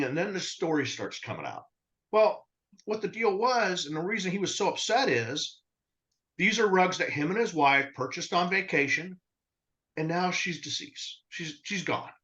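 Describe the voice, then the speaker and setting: A man co-hosting a podcast, telling a customer story in casual talk and acting out the dialogue. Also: fairly high pitch. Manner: animated storyteller, acts out dialogue. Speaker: rug cleaning business co-host. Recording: dull lo-fi sound.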